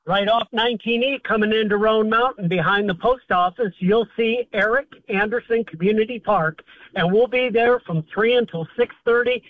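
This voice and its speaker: A man's voice: high-pitched, moderate pace, no room sound. A man, a festival volunteer, eagerly promoting an event during a phone interview. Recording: tinny phone line.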